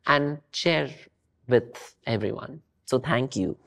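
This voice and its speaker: A young adult guest with an Indian accent, talking on a podcast in an expressive, gushing way. Laughter breaks in often, and Hindi words slip into the English. The voice sits at an ordinary middle pitch. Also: slow pace, gravelly. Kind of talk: casual conversation.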